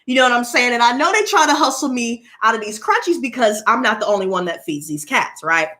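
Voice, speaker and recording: A woman tarot reader chatting casually to her viewers, telling an animated story and addressing them directly. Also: a little high, a little fast.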